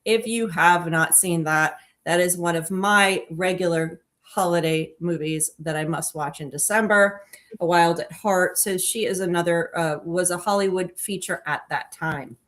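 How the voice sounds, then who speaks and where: A woman's voice: on the low side, moderate pace, a bit bright. A woman co-hosting a casual film discussion, enthusiastic and digressive, often correcting herself mid-sentence. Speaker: podcast co-host and author.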